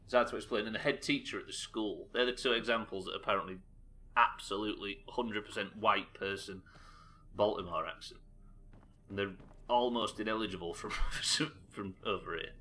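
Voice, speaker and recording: British male streamer, low-pitched and bright, loose chatty delivery, keeps interrupting himself. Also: steady tone, normal speed, a little hiss or hum. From United Kingdom. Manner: chatty, reads chat aloud, self-interrupting. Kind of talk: casual live-stream chat while gaming.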